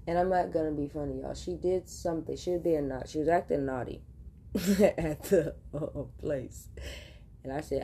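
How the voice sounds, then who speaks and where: A woman's voice: deep voice, normal speed, vocal fry, warm tone, husky. A woman hosting a podcast, telling a casual story straight to her listeners, chatty and laughing often. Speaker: podcast host.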